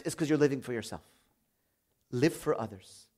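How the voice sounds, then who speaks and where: A middle-aged male priest giving a sermon, telling personal stories earnestly, dropping to a quiet confessional tone and then rising to loud emphasis. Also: medium pitch, normal speed, pauses often.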